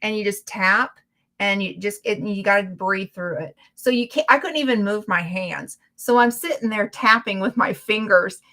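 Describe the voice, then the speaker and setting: A woman hosting a casual chat stream, telling stories in a chatty, animated way. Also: medium pitch, normal speed. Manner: chatty storytelling, animated retellings. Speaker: livestream host.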